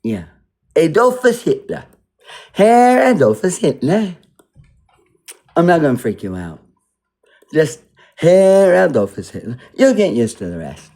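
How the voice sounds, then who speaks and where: A man's voice: on the high side, warm tone. A man giving casual commentary over a video, rambling and repeating words as he mock-teaches pronunciation. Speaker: video reactor.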